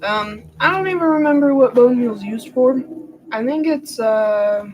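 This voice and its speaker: A woman's voice: fairly high pitch, measured pace, mellow, a little hiss or hum, rough recording. A woman gaming streamer giving casual, rambling, self-deprecating commentary into a desk microphone.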